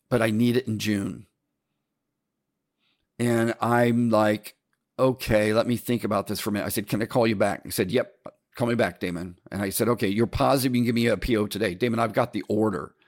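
A middle-aged man telling a casual business story to his listeners, lively and animated, laughing now and then. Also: mid-range voice.

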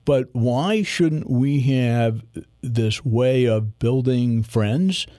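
Mellow-voiced podcast host, man in his 60s, rambly with fillers, dry close sound. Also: mid-range voice, very slow, dry recording. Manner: rambling, many fillers and restarts. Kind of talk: casual podcast chat.

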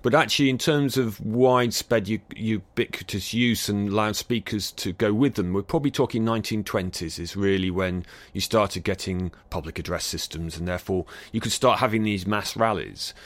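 A British man with a mild, near-received-pronunciation accent appears as a guest expert on acoustics, thoughtfully answering interview questions in conversation. His voice is lowish, moderately paced with hardly any pauses, recorded without echo, and he uses fillers and restarts.

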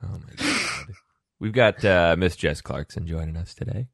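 A man in his thirties hosting a podcast in casual chat, jokey and quick to tell a story. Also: deep voice, sing-song, gravelly, a bit bright, no room sound, clean studio sound. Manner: jokey, storytelling, laughs easily. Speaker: podcast host.

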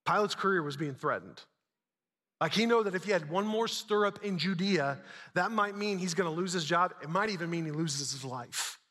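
A man's voice: high voice, moderate pace, sharp tone, long reverb tail. A man preaching a sermon, retelling a story dramatically with casual asides. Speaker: pastor.

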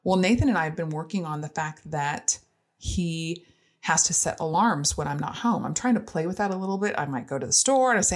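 A mother talking earnestly about her son, thoughtful and reflective, sometimes dropping to a soft near-whisper. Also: low voice, lively intonation, fairly quick. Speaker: parent. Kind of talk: casual storytelling monologue.

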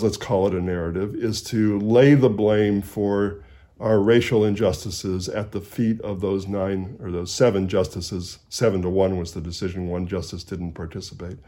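A man, an author, speaking in a measured, emphatic way in a conversational interview, with some restarts. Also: on the low side, warm tone. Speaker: author and historian guest.

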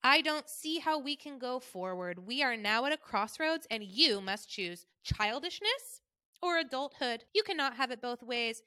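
A woman's voice: high-pitched, sing-song, measured pace, sharp tone, smooth, no room sound, voice pushed up, full character voice. A woman mimicking her stern lecturing mother. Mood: scolding. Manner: lecturing, preachy, emphatic. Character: stern scolding middle-aged mother, self-righteous. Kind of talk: reading a message aloud in an imitated voice.

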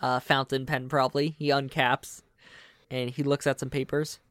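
A man running a tabletop game, describing scenes casually with lots of "uh"s. His voice is smooth and clear, recorded close and dry with no room sound. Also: mid-range voice, normal speed, dry recording. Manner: relaxed, with frequent fillers. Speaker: game master.

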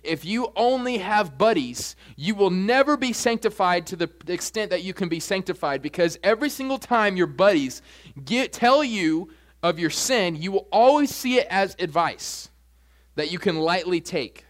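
Delivering a sermon at a moderate pace, the young pastor stays animated throughout. When he performs quoted asides, his pitch leaps upward.

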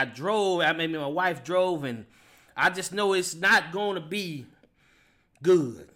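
A man in his forties telling a personal testimony as a podcast host, emotional and halting, often repeating words as he speaks. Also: on the high side, pushed and bright. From Kentucky. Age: 40s.

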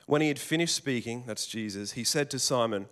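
A man's voice: mid-range voice, a little fast, fairly bright tone. A man preaching a sermon in a conversational storytelling way, with casual restarts and asides. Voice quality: plain working tradesman's speech.

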